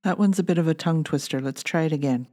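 A woman with a notably low voice reads out a language lesson. She guides the learner step by step in a calm, clear teaching manner. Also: quick pace. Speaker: language course narrator. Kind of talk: scripted instructional narration.

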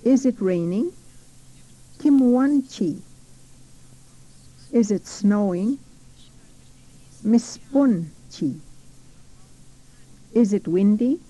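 A woman's voice: medium pitch, moderate pace, few pauses, warm tone, rough recording. A woman teaching a recorded language lesson, saying each word carefully and repeating it.

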